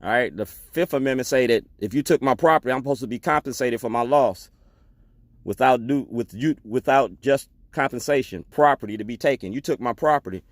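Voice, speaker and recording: A man's voice: mid-range voice, a little fast, dry recording. A man giving a defiant public testimony as an activist, repeating himself and calling people out. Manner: defiant, declaiming, repetitive.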